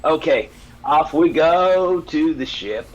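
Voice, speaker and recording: A man's voice: a little high, animated, slow pace, muffled recording, a crowd in the background. Playful exclaiming male player. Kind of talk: in-character roleplay.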